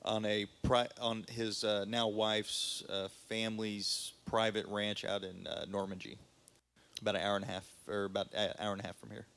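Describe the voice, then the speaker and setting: Man, low-pitched, easygoing guest with plenty of "uh" and "um". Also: moderate pace, gravelly. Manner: relaxed storyteller, many fillers. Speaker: caterer guest. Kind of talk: casual interview chat.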